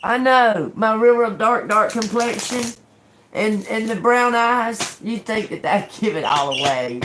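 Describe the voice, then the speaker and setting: A medium-pitched woman does an informal tarot reading on a live stream, with slight background noise. Her tone is encouraging; she ends many lines with "okay?", repeats and restarts words often, and adds joking, sarcastic remarks.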